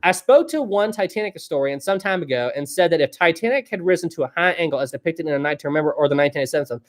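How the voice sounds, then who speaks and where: A man's voice: fairly high pitch, lively intonation, racing. A young man hosting a live stream, chatting casually and rambling as he reads viewer questions. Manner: rambling and chatty, often laughing. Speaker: livestream host.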